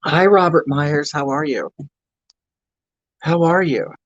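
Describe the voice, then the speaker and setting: A man's voice: a little high, takes it slowly, no room sound, highs cut off. A man playing a crude, self-mocking obese middle-aged woman who rambles, stammers and answers chat comments on a comedy livestream. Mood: ranting, griping. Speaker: livestream comedy character host. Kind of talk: improvised livestream character comedy.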